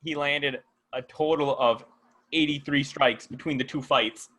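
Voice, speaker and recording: Male podcast co-host, crisp bright tone, playful and jokey. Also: mid-range voice, steady tone, measured pace, poor audio. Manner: joking, playful, laughs at his own jokes. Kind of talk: casual chat about MMA.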